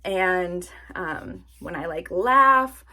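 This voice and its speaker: A woman chatting casually to her camera in a vlog, animated and self-mocking, laughing at her own jokes. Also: fairly low pitch, very slow. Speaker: vlogger. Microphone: camera-mounted or nearby mic, sitting to film.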